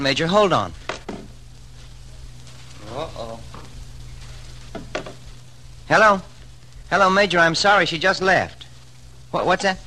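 An actor playing an easygoing, joking grown son in an old-time radio drama. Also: male voice, a little high, bright, forceful tone, heavily acted, rough recording. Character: easygoing grown son Clifford, good-humored.

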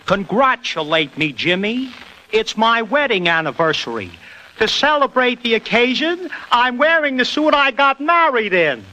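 Man impersonating a bouncy, wisecracking tenor comic, pitched well up, dull old radio recording. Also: very animated, moderate pace, bright, forceful tone, full character voice. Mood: boastful. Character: excitable wisecracking comedian with a high tenor.

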